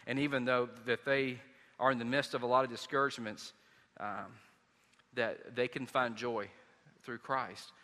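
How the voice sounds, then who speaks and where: A man's voice: mid-range voice, steady tone, moderate pace, pushed and bright. Southern man preaching in a reverberant hall. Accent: Southern American. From Southern United States. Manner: conversational storytelling with many restarts. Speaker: pastor. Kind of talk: sermon.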